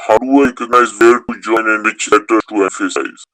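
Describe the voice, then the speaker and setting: A male language teacher with a lowish voice and a bright, forceful tone, taking questions in an online class. He explains methodically, restarting words as he goes. The sound is dry and close. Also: steady tone, brisk, no echo, rough recording.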